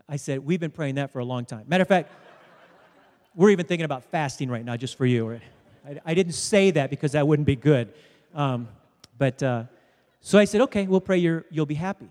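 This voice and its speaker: A man's voice: a little high, lively intonation, normal speed, pauses often, darkish tone. A man preaching a sermon to a congregation, telling a story and joking with the crowd. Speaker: pastor. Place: church sanctuary. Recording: preached in a hall with long reverb.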